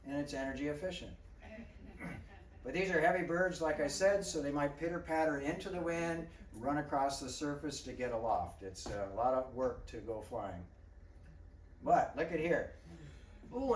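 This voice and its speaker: A man gives an animated nature lecture in an echoey room, heard from a distance. He talks conversationally, tosses questions at his listeners and clears his throat now and then. Faint background noise sits under his voice. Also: a little high, moderate pace. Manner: conversational, quizzes the audience. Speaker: wildlife biologist giving a public talk. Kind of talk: lively illustrated lecture to an audience.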